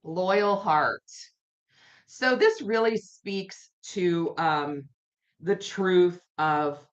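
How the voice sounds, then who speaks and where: Her voice is on the low side and her delivery extremely slow. She hosts an informal tarot live stream at home, rambling, repeating herself, and chatting with viewers. The sound is dull and lo-fi.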